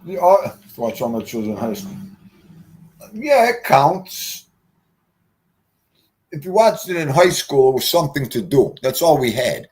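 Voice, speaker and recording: Husky, rambling older male streamer. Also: mid-range voice, very animated, measured pace, long pauses. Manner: profane, rambling, loud swings in volume. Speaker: livestream host. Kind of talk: casual livestream chat.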